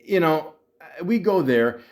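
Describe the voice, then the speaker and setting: A man's voice: fairly high pitch, expressive, slow pace, darkish tone. A man hosting a podcast, telling a long profane story in a rambling way, with many restarts and mocking voices. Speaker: podcast host. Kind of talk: ranting storytelling.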